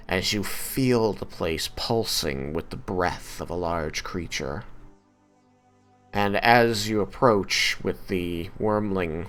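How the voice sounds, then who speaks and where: A man runs a tabletop fantasy game, describing the scene in a measured, unhurried way. His voice sits low, and faint music plays behind him. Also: a bit bright, clear, resonant tone. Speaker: game master.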